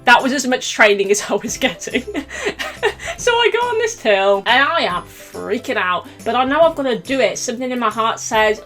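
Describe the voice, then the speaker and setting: A young woman chatting through a storytime vlog, animated and laughing often as she acts out the quotes. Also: a little high, moderate pace, soft background music. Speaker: YouTuber telling a story. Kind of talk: casual storytime chat.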